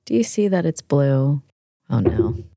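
A woman's voice: low voice, very animated, unhurried, creaky, mellow, no echo, studio quality. A woman playing a tabletop game in character, talking bluntly and directly, a little frustrated. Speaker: player.

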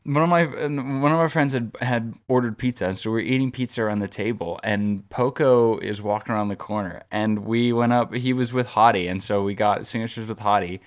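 A man's voice: lowish voice, brisk, few pauses. A man co-hosting a podcast, telling a long story in casual chat, rambling with frequent restarts and filler words. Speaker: podcast co-host.

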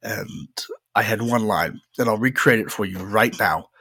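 A young man tells a personal story in a loose, rambling way, dotting it with "uh" and "um". His voice sits a little low, and the recording is close and dry with no room sound. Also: moderate pace, bright, forceful tone, husky, dry recording. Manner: chatty, rambling, frequent "uh" fillers. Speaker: podcast host. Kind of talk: casual solo storytelling.

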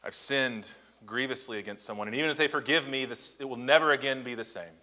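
A man's voice: mid-range voice, fast talker, sharp tone, long reverb tail. Conversational preacher man, rhetorical "right?". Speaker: pastor. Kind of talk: sermon. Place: church sanctuary.

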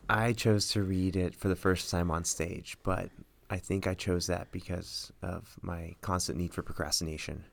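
A man in his twenties, a guest on a podcast, calm with dry humor. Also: low-pitched, normal speed, creaky. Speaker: guest, future radiology resident. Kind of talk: casual interview.

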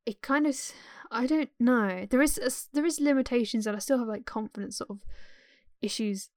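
A young woman from England speaks casually with a light English accent. She hesitates a lot, with many fillers and unfinished thoughts. Her voice sits a little high, and the recording is dry and close. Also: a little fast, no room sound. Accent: English, softened West Midlands. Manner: hesitant, many likes and trailing sentences. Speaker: guest, aspiring performer. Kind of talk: casual chat.

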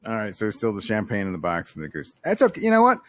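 A man co-hosting a podcast, telling one-liners deadpan and coaxing his co-hosts to laugh. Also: on the low side, quick pace, no room sound, clean studio sound. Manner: deadpan joke delivery, coaxing laughs with "come on". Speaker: podcast co-host telling jokes. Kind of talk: casual podcast banter.

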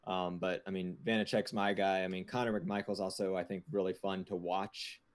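A man's voice: deep voice, level tone, normal speed. A man on a podcast panel in casual sports chat, hesitant and leaning on "um" and "I mean".

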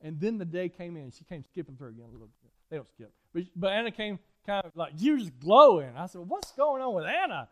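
A middle-aged preacher with a notably high voice. He tells folksy, animated stories from the pulpit, circling back to repeat his points. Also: fast talker. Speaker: pastor. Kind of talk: sermon.

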